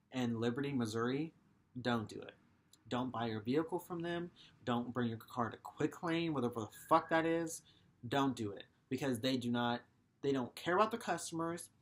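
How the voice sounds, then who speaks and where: A young man talks straight to his viewers in a heated vlog rant. He swears freely and rambles from one complaint to the next, sounding fed up. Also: medium pitch. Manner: frustrated, profane, rambling. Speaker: vlogger. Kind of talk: ranting vlog.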